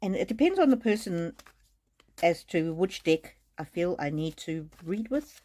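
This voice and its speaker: A woman with a lowish voice, reading oracle cards on a live stream. She talks gently and haltingly, often laughing and showing emotion. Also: sing-song. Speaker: tarot and oracle card reader. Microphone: streaming mic.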